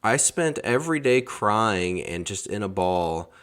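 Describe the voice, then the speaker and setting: A man's voice: lowish voice, sing-song, a little slow, fairly bright tone, clear, resonant tone. A man hosting a podcast, talking frankly and casually and swearing now and then. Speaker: podcast host. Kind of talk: candid casual monologue.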